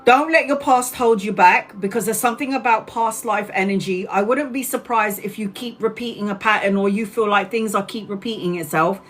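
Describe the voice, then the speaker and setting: A woman giving a live tarot reading in a loose, chatty way, blunt and quick to swear and laugh. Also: medium pitch, fairly bright tone, faint music behind. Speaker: tarot reader. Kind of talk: live-streamed tarot reading, casual chat.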